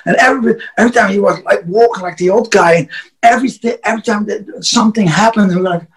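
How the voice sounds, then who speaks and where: A man's voice: sits high, expressive, brisk, fairly bright tone, rough recording. A man, a wrestler, telling a casual story with frequent chuckles, profanity and restarted words. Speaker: wrestler guest.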